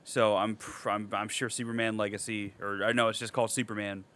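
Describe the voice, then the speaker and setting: A young man co-hosting a podcast in casual chat. He talks excitably and swears a lot, dropping to mumbles and then jumping into loud outbursts. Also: fairly low pitch, fairly quick. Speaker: podcast co-host.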